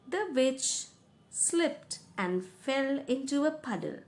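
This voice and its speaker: Slow, patient woman teacher. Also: high voice, very animated. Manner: patient, paraphrases each passage in simple words. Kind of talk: explaining a school reading lesson.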